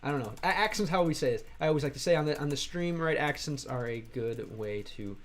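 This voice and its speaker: This young American streamer, fairly high-pitched and animated, reads chat aloud while stumbling through halting Russian packed with fillers.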